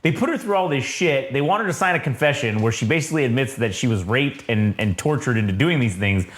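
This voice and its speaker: A man co-hosting a podcast casually retells a comic's plot in a review chat, swearing plenty and acting out the quotes. He's animated and talks fast in a mid-range voice, and the recording is reverberant.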